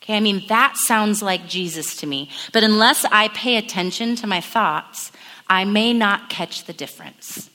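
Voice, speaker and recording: Bright-voiced woman preaching in a hall. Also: medium pitch. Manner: acts out inner voices in quick murmured asides. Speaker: camp speaker. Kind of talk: sermon. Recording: long echo of a hall.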